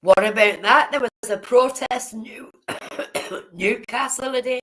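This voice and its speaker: A woman's voice: on the high side, measured pace, a bit bright, low-quality recording. A woman chatting casually on a livestream, blunt and swearing freely as she greets viewers by name. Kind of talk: casual live-stream chat with viewers.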